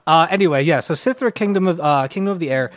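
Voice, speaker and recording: A man's voice: on the high side, quick pace, no echo, studio quality. A man co-hosting a comic book podcast, rambling through a review in casual chat and laughing at himself. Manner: rambling, self-deprecating, laughs a lot. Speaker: podcast co-host.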